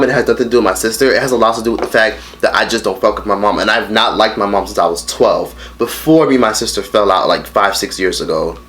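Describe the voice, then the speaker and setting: A man's voice: lowish voice, a bit bright, a little hiss or hum. A man in his late teens telling a story in a casual mukbang vlog, blunt and profane, rambling with lots of fillers. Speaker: vlogger.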